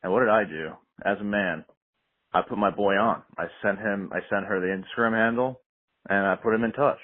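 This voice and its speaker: A man's voice: lowish voice, a little fast. A man leaving a laid-back, friendly voicemail for a podcast as a caller. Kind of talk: voicemail message. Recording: tinny phone voicemail.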